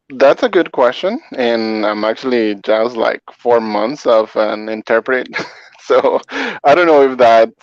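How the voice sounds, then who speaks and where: A man's voice: mid-range voice, slow, pauses often, no echo. A man who speaks Spanish as his first language, a call center interpreter talking through his answers in a casual interview, explaining with examples. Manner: chatty, explains with examples, filler-heavy. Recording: dull, dry muffled audio.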